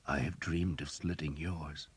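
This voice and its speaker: A man doing a weak, croaking wounded youth. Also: rumbling low, steady tone, heavily acted. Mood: wary. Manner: faint, halting replies, half whispered.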